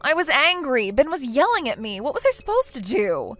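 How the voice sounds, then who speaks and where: Brief: woman voicing whiny, defensive young wife, text-story read, soft music behind. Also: sits high, big pitch swings, moderate pace. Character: self-pitying young wife who cheated.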